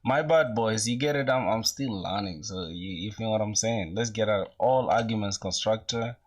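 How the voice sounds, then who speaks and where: A young man in his twenties chatting casually with viewers while coding live, using relaxed slang and thinking aloud, with an occasional cough. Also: lowish voice, moderate pace. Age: young adult. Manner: laid-back slangy, greets chat, thinks aloud. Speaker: programming streamer.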